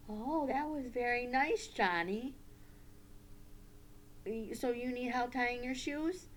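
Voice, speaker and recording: A woman teacher running a puppet lesson for young children, gentle and coaching. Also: on the high side, expressive, slow pace, pauses often.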